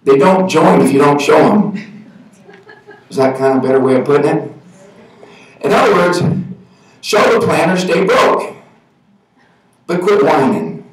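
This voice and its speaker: A high-pitched American man delivers a live motivational talk at a sales event. He jokes and then shouts his points for emphasis. The voice comes from some distance in a reverberant hall with faint background ambience. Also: a little slow, pauses often, background noise. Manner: energetic, playful, shouts for emphasis. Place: large event hall with audience. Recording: echoey hall, voice from afar.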